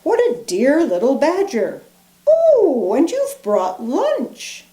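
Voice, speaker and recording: Wise old owl, slow and knowing, a woman puts it on, echoey room. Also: high-pitched, huge pitch swings, warm tone, voice pushed up, exaggerated voice.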